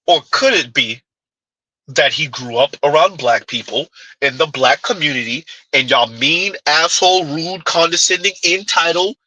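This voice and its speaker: Heard close and dry without echo, though the audio is poor, a male commentary channel host with a fairly high, piercingly bright, husky voice speaks expressively at normal speed. On his live stream he taunts the audience with blunt rhetorical questions and mocking "huh?" asides.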